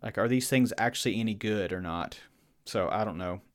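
A man's voice: fairly low pitch, fairly quick. A man from Virginia with a Southern accent, a guest in a casual podcast conversation who talks thoughtfully and often restarts his phrases. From Virginia, USA.

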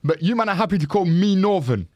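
A man's voice: high-pitched, animated, fast, darkish tone, no room sound, highs cut off. A man with a Nottingham accent co-hosting a podcast, laid-back and chatty, tagging "man" onto his sentences. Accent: Nottingham, English Midlands. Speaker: podcast co-host, talent manager. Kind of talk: casual chat.

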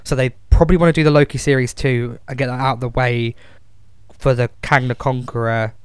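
A man's voice: medium pitch, steady tone, brisk, clean tone, dry recording, clean studio sound. A man co-hosting a podcast in casual chat, blunt and sweary, with lots of ums and restarts. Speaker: podcast co-host.

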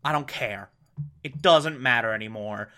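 A man's voice: medium pitch, unhurried, pitched below the performer's own voice. Zuko, a man doing a glum defeated young prince. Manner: flat, glum, resigned. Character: brooding defeated young prince, sulky and bitter.

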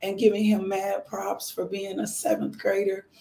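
Woman, hoarse, gravelly, devotional host, repetitive thanksgiving prayer, roomy echo. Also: mid-range voice, monotone, moderate pace. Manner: warm, repetitive thanksgiving, greets viewers by name. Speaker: host of a morning devotional livestream. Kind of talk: casual devotional talk and prayer.

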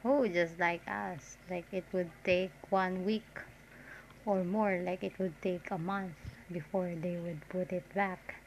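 A woman's voice: lowish voice, fairly even intonation, slow. A woman from the Philippines with a Filipino accent, chatting casually in a reaction vlog, full of "like" fillers and restarts. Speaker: reaction vlogger. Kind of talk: casual commentary. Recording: dull lo-fi audio with faint noise.

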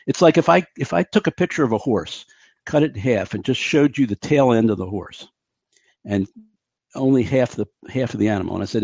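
A man's voice: medium pitch, animated, brisk, darkish tone, slightly rough, dry recording, muffled recording. A middle-aged man, a physician guest on a podcast, explaining his ideas in an emphatic, blunt, conversational way and acting out what others said. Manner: emphatic, blunt explainer who acts out quotes.

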